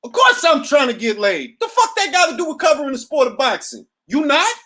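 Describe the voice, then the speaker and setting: Seated at home, a middle-aged man hosts a boxing talk show on a livestream, ranting and riffing with casual profanity. His voice is very high-pitched and brisk, and he's animated throughout.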